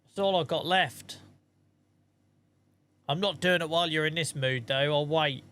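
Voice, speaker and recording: A man's voice: on the high side, a little slow, fairly bright tone, clean tone. A man chatting casually on a live stream while he plays a game, thanking viewers and muttering asides to himself.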